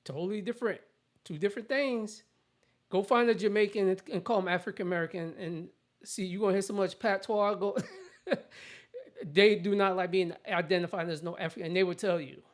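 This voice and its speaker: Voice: mid-range voice, steady tone, brisk. Blunt, opinionated commentary host. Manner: blunt, opinionated rant with frequent restarts. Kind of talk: casual political commentary.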